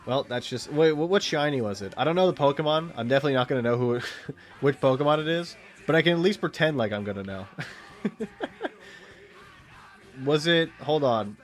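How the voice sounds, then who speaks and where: A man's voice: a little high, animated, a little fast, pauses often. A man in his late twenties streaming a game, rambling in casual, profane commentary and chatting with his viewers and the game's animals. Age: late 20s.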